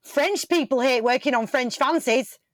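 A woman's voice: high-pitched, normal speed, no room sound, studio quality, pitched above the performer's own voice, natural voice. A woman improvising a bossy veteran baker who confidently makes up facts and swears. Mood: cocky. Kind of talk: improv comedy scene.

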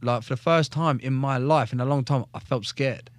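A young man who used to be a soldier shares his story in an easygoing podcast conversation, blunt, lively and laced with heavy swearing. His voice is mid-range at a normal speed, with no room sound.

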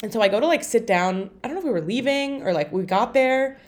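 A woman's voice: a little high, animated, fast talker. A young woman co-hosting a podcast, telling stories in casual chat full of fillers. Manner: chatty storyteller, lots of "like". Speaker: podcast co-host.

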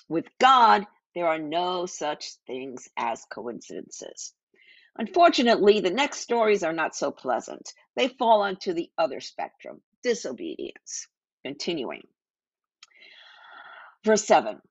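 A woman's voice: fairly low pitch, no echo, muffled recording. A woman reading and teaching a Bible passage in an earnest devotional style. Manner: earnest, reads scripture aloud with small slips.

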